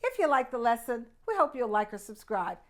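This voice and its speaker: An older woman hosts a children's alphabet lesson with a bubbly, exaggerated, sing-song delivery. Her voice is high for a woman. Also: sing-song, brisk. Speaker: host, children's teacher.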